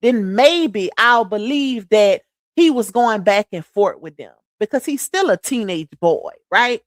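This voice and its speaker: A woman's voice: on the high side, dry recording, studio quality. A woman giving casual live-stream commentary, emphatic and repetitive, talking straight to her chat. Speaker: livestream commentary host.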